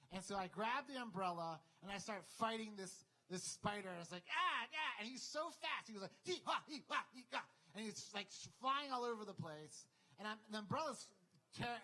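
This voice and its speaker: A man doing live stand-up as comic and emcee, telling a story in an animated way and acting out the sounds, on a club stage mic. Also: high-pitched, rough recording. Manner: animated, acts out sounds and voices.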